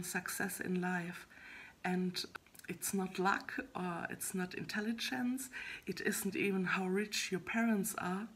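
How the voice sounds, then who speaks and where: A woman talking in a casual solo vlog about her writing progress, soft and half-whispered, hesitant and halting with many fillers and restarts. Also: mid-range voice, a little hiss or hum. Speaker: web fiction writer vlogging her progress.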